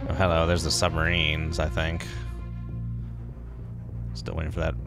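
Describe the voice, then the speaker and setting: A man streaming a submarine game, commenting casually, joking and reacting excitably while talking to his chat. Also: rumbling low, normal speed, creaky. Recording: voice over game music.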